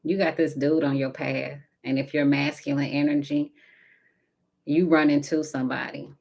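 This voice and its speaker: Deep-voiced lady doing a chill tarot reading, calls everybody baby n honey, goes whispery sometimes. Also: little pitch movement, moderate pace, vocal fry, a little mellow. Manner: intimate and chatty, calls listeners baby and honey. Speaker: tarot card reader. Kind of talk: casual spiritual tarot reading to viewers.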